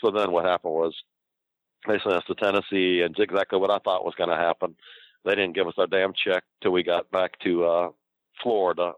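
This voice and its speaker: A man's voice: low-pitched, level tone, a little fast, no room sound. An older man telling rambling, profane stories from his wrestling career in a casual chat, laughing often. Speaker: guest recounting wrestling career. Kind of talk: casual storytelling. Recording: dull lo-fi dry recording.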